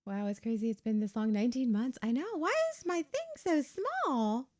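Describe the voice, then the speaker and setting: A woman's voice: on the high side, lively intonation, normal speed, a little mellow. A woman hosting her own livestream, talking candidly, laughing often and swearing freely. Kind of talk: casual livestream chat.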